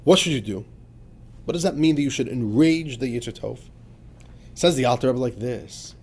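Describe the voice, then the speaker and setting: A man, a rabbi, teaching a religious text in an emphatic lesson, moving between quiet asides and fervent, urgent outbursts. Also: mid-range voice, normal speed, breathy edge.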